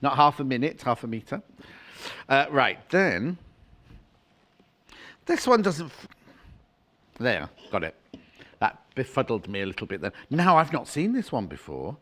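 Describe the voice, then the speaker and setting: A man's voice: medium pitch, huge pitch swings, unhurried, long pauses, bright, forceful tone. A middle-aged man presenting fabrics on a live home-shopping channel, chatty and gushing with jokey asides.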